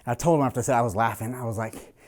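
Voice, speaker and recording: Male personal trainer, casual and blunt, mid-pitched voice, talks through his sets with a salty edge. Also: very fast. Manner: blunt, casual, swears freely. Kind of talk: casual workout coaching talk.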